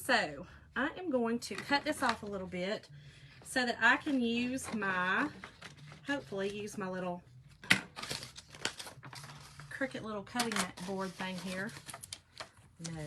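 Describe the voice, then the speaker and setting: A woman's voice: mid-range voice, animated, a little slow, background noise. A woman hosting a chatty crafting live stream, rambling and laughing as she talks to her viewers while she works. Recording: clicking noises in the background.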